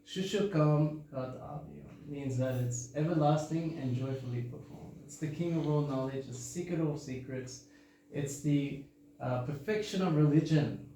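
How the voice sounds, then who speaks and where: A man's voice: a little high, moderate pace, mellow. Joking Australian man in an echoey hall. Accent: Australian, softened toward American. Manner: chatty, joking, laughs often, asks the audience questions. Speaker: temple speaker giving a scripture class. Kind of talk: informal sermon with jokes. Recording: very echoey hall, faint background hum.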